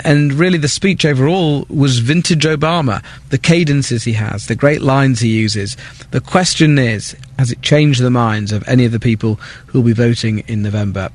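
Male news reporter, measured explaining tone, dry close sound, radio report. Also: medium pitch, no room sound.

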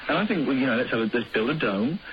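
A man's voice: medium pitch, expressive, fast talker, voice pushed down, natural voice. A man voicing a dim, over-eager posh caller on a radio phone-in who rambles and repeats himself. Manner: rambling, repetitive, over-enthusiastic. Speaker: prank caller. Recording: lo-fi old radio recording with hiss.

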